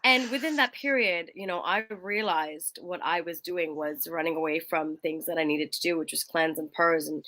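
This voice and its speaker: At a moderate pace and with hardly any pauses, a young woman co-hosts a casual chat and tells an animated personal story. She raises her voice higher to act out the quotes.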